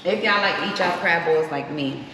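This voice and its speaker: This cooking vlogger has a low voice and talks a little fast, chatting easily to her audience and savoring the food between lines. The audio is very noisy and echoes with long reverb in the room.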